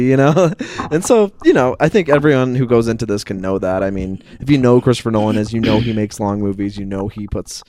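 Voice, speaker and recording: A man's voice: lowish voice, animated, brisk, hardly any pauses, a little mellow, no room sound. A young man co-hosting a film review podcast, chatting eagerly and agreeing a lot with lots of yeahs and likes. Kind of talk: casual chat.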